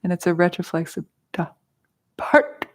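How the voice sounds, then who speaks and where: Middle-aged female meditation teacher, slow, low-pitched, casual and humorous, laughs often. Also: fairly even intonation, darkish tone. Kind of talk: guided mantra teaching. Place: studio.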